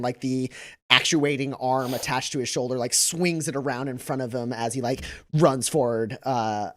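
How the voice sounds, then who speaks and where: A man narrating a tabletop role-playing game as game master, rambling through scenes with many fillers. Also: medium pitch.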